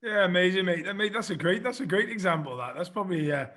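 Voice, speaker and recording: A man's voice: high-pitched, fast talker, fairly bright tone. A man hosting a podcast, chatty and friendly, calling his guest mate. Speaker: podcast host. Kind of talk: casual podcast interview.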